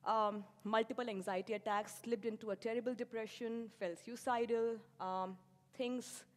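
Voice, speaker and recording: A woman's voice: on the high side, fairly even intonation, normal speed. A woman, giving a public lecture with sardonic, ironic asides. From India. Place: festival lecture hall. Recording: echoey lecture hall.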